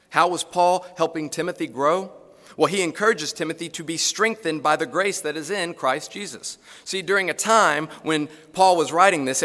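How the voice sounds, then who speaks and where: A man delivering a sermon in a church sanctuary, his mid-pitched voice ringing with a long hall reverb. He preaches earnestly, stacking up phrases and posing rhetorical questions for emphasis. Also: a bit bright.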